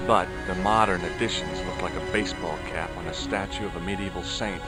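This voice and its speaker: A man playing a sardonic adult male amateur detective who narrates and questions people with deadpan wisecracks, in a game with faint music. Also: low voice, a little fast, natural voice. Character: wry adult male detective, dry humor.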